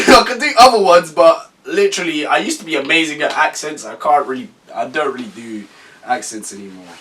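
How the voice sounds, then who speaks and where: A young man chats through a casual vlog Q&A. He sounds laid-back and rambling, with plenty of slang and laughs. His voice is bright and lively, caught on a mic set a bit away, with faint ambience behind him. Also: medium pitch, far from the mic, a little hiss or hum. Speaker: vlogger.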